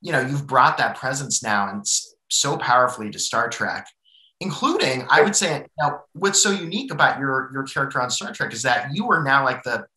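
A man's voice: mid-range voice, expressive, brisk, pushed and bright. A man moderating an interview, asking enthusiastic, rambling questions full of fillers. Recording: echoey room.

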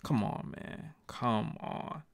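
A young man giving his earnest, passionate views in a commentary vlog, stumbling and restarting often and swearing casually. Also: no room sound. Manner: earnest, halting, frequent restarts and stutters. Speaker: YouTuber. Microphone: desk microphone.

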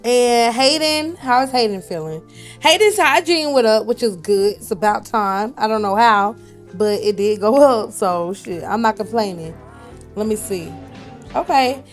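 A young woman speaks, her voice sitting a touch on the high side. She chats loosely through a game session, laughing easily and talking straight to her characters. Quiet music plays faintly beneath her. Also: a little slow. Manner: chatty, laughs often, talks back to her characters. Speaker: let's play host. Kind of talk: casual gameplay commentary.

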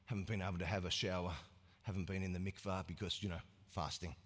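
A man voicing an unwashed, smug man who mumbles excuses in a very low, quiet voice, in an echoey hall. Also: steady tone, quick pace. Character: smelly unwashed male faster, smug and mumbling.

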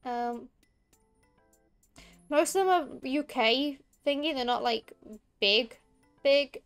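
A woman's voice: high voice, slow, clean tone, faint music behind. A young woman, chatting casually on a gaming stream, rambling with lots of fillers and restarts. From Liverpool area, England. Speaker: VTuber streamer.

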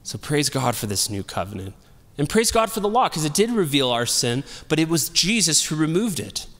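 A man's voice: a little high, very animated, moderate pace, fairly bright tone, long reverb tail. A male pastor giving a sermon in a casual, humorous, storytelling way. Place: church sanctuary.

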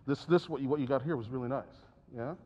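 A man's voice: medium pitch, quick pace, dark tone. A man giving a piano masterclass, coaching a student with encouragement and often singing phrases or counting beats aloud. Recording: slightly dull recording with piano. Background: piano playing.

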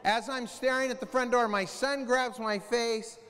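A man speaking to a school assembly, telling animated stories, acting out scenes and yelling as he mimics himself and his son. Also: extremely high pitch, normal speed, long reverb tail. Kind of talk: animated motivational storytelling. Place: school auditorium.

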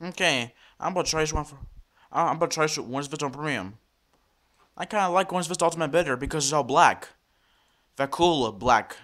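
Over a computer screen recording, a male vlogger with a fairly high pitch talks casually to viewers. He's excitable and halting, repeatedly restarting and repeating his words.

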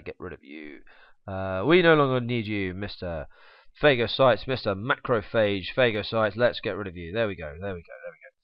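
A man's voice: mid-range voice, no room sound. A man teaching biology while drawing, chatty, with joking asides and humming as he sketches. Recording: dull, slightly lo-fi dry recording.

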